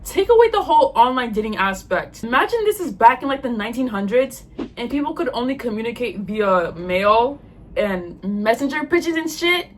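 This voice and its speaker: A young woman vlogger reacting to texts out loud, exasperated and swearing often. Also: a little high, big pitch swings, normal speed, slight background noise. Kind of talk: reaction commentary reading texts.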